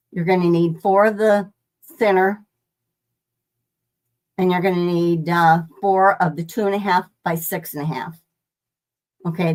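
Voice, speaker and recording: A woman hosting a casual live quilting demonstration from her sewing room, rambling and restarting her sentences as she greets viewers by name. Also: fairly low pitch. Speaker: quilting livestream host.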